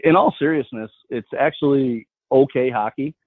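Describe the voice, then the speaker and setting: A man telling a long, lively story among friends on a podcast, laughing as he goes. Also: medium pitch, no room sound. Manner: fast, animated, laughing storyteller. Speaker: podcast co-host. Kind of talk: casual storytelling. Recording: dry, tinny phone-like sound.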